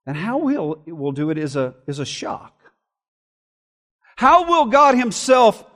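A man preaching a sermon, switching between emphatic declarations and quiet asides. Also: sits high, in a large hall. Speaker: pastor.

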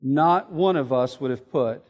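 A man preaching an expository sermon, explaining word meanings and reading scripture aloud, moving between loud emphasis and quiet asides. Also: medium pitch, measured pace. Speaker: pastor. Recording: hall reverb.

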